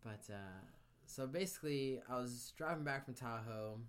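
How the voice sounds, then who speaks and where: A man, a guest on a podcast, telling a story in a casual, animated way, swearing freely and acting out what people said. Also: mid-range voice, normal speed, clear, resonant tone.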